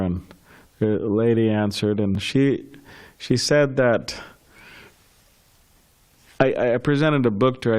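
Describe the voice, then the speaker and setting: A man with a somewhat low voice leads a scripture class. He tells anecdotes in a relaxed, chatty way, full of restarts and small laughs, before he opens the floor to questions. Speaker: class speaker.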